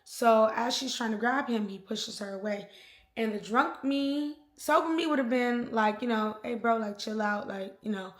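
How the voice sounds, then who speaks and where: A woman's voice: a little high, normal speed. Chatty woman telling a story, echoey. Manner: chatty, slangy, animated retelling. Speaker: storytime vlogger. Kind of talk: casual storytelling.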